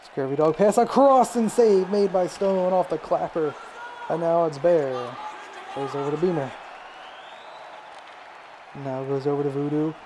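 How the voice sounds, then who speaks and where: A man's voice: fairly high pitch, crowd noise, noisy background. Man calling video game hockey play-by-play. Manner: rapid play-by-play, rising excitedly on shots and goals. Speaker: play-by-play commentator. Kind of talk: live-streamed video game hockey commentary.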